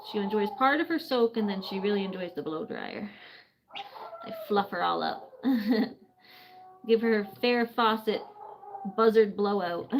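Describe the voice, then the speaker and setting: A woman hosting a casual late-night livestream at home, chatting and laughing often as she bathes a bird, slipping into high baby talk. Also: noisy background. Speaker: livestream host caring for animals. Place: home at night, bathing a bird near a couch.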